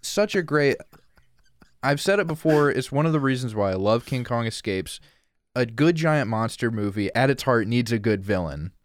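A man's voice: mid-range voice, animated, normal speed, dry recording. A man co-hosting a movie podcast, talking in a laid-back, dry way and swearing casually. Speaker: podcast co-host. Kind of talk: casual movie review chat.

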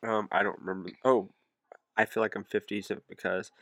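A man in his forties in a casual chat, calm and hesitant, often searching for words. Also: fairly low pitch, a little fast, pauses often, no echo. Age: 40s. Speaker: podcast co-host.

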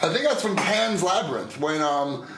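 A man co-hosting a casual chat, animated and quick to laugh, hedging as he explains. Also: a little high, roomy sound, noisy background. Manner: animated, laughs easily, hedges a lot. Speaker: podcast co-host. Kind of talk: casual chat about Spanish language.

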